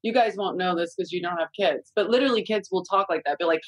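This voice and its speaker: A woman in her forties chatting candidly on a podcast, telling lively parenting stories and swearing freely. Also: on the low side, fast, few pauses, no room sound, poor audio. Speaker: guest consultant. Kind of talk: casual podcast chat.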